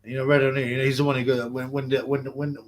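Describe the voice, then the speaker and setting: A man's voice: mid-range voice, flat delivery, racing. A man hosting a live boxing chat stream, ranting in a mocking, abrasive, rambling way. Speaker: boxing livestream host.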